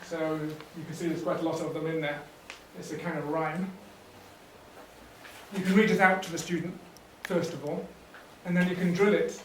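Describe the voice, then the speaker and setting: A man leading a teacher workshop, explaining teaching ideas in a relaxed way with fillers and restarts. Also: a little high, moderate pace, slight background noise. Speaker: workshop trainer. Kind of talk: teacher training talk. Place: workshop room. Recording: echoey room, distant mic.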